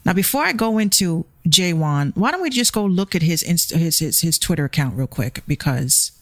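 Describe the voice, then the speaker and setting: A woman's voice: lowish voice, big pitch swings, moderate pace, dry recording. A woman with a Bronx accent hosting her show, ranting with heated, profane, confrontational energy. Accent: Bronx New York. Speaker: show host. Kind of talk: ranting commentary vlog.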